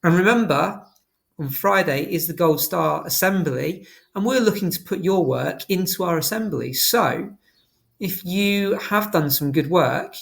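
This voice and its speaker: A primary school teacher, teaching a phonics lesson to young children and slowly sounding out words letter by letter. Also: medium pitch, gravelly.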